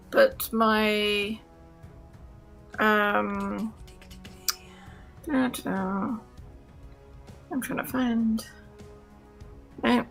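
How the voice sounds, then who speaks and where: Gravelly, bright woman player. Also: fairly high pitch. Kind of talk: playing a tabletop game.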